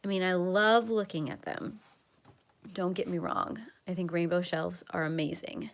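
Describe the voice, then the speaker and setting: A woman's voice: lowish voice, steady tone, moderate pace. A young adult woman hosting a casual coloring livestream, chatting in a rambling, self-mocking way with lots of repeats. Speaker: livestream host.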